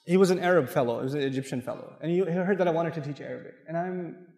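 Captured from afar in an echoing mosque hall, this middle-aged man's voice sits on the high side, gravelly yet a little mellow, and comes out rapid-fire. He's an Islamic lecturer delivering a story-driven, playful talk with anecdotes, voicing the characters' dialogue himself.

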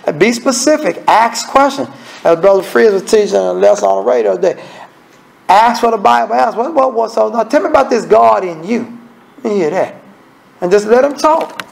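Male preacher, high gravelly voice, folksy, blunt and funny, acts out everyday dialogue. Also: poor audio. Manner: blunt, scolding, humorous. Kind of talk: evening sermon.

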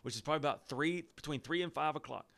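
A man's voice: fairly high pitch, gravelly. A man teaching a Bible study, reading scripture aloud and stopping to explain it in casual, joking asides. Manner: lively and playful, laughing at the story and using slang asides; pauses the reading to explain in plain words.

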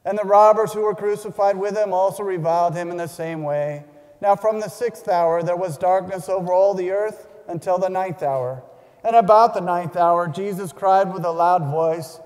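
Solemn high-voiced man reading in a church. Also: darkish tone, smooth. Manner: solemn, measured reading with small restarts. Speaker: scripture reader. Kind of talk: liturgical Gospel reading. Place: large church. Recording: long church reverb.

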